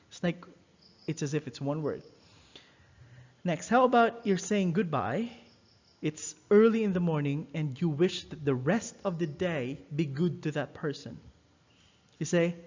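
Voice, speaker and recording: Man, language teacher, slow and careful, slightly high voice, dull lo-fi sound. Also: animated, a little mellow. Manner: slow, careful, repeats phrases for students to copy. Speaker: French teacher. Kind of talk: recorded language lesson.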